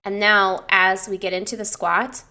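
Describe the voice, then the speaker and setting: A young woman coaching in a loose, chatty way, breaking down a client's form. Her voice is bright and forward, and she swears freely and gushes when something impresses her. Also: medium pitch, little pitch movement, normal speed. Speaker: personal trainer. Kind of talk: casual coaching review.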